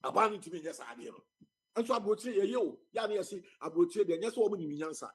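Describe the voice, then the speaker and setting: Husky-voiced man speaking passionately. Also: sits high, lively intonation, rapid-fire, poor audio. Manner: impassioned, mixing Twi and English. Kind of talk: radio talk show.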